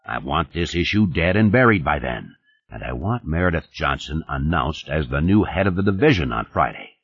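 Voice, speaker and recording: A man reading the part of a gruff, commanding male company boss who talks curtly and coarsely, in an audiobook. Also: rumbling low, sing-song, normal speed, dry recording, pitched below the performer's own voice, exaggerated voice. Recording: dull, dry studio recording.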